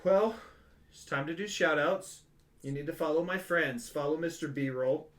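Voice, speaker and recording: A man hosting a wrestling podcast, joking and rattling off shout-outs. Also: fairly high pitch, slight background noise. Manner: joking, rapid shout-out lists. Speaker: podcast host. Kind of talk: casual podcast chat.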